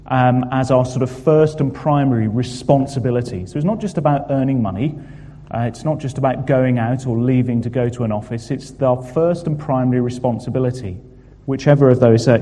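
A man's voice: medium pitch, warm tone. A man from England preaching a sermon to a congregation, earnest and emphatic, with frequent fillers. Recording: long hall reverb.

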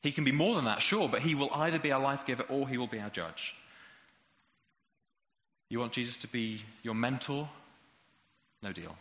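A man's voice: medium pitch, moderate pace, pauses often, fairly bright tone. A man preaching a sermon, emphatic and rhetorical, building to passionate peaks. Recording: dull echoey hall recording.

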